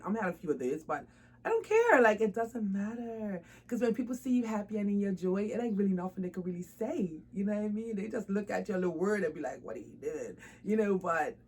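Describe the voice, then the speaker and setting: A woman's voice: medium pitch, brisk, warm tone, slightly rough, low-quality recording. A woman chatting casually to camera about her doll hobby, informal and laughing often. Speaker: doll collector vlogger.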